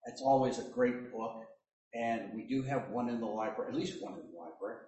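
A man preaching a sermon as pastor, slow and deliberate, with joking asides. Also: medium pitch, dark tone, dull audio. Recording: echoey hall, mic at a distance.

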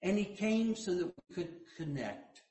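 A man preaching a sermon as pastor, telling stories and quoting people in hushed voices, then rising to loud emphasis. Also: high-pitched, very animated, unhurried. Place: church sanctuary. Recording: echoey church room.

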